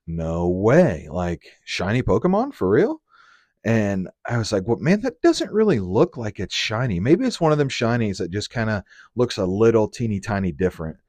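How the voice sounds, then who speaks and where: A man's voice: on the low side, very animated, a little fast, darkish tone, dry recording. Rambling, foul-mouthed young man. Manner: rambling, swears often, acts out quoted lines. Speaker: podcast host. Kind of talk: casual solo podcast chat.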